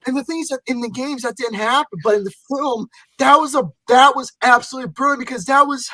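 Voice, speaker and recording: A man co-hosting a casual podcast chat, excitable and prone to swearing, acting out reactions. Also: extremely high pitch, quick pace, no room sound. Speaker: podcast co-host.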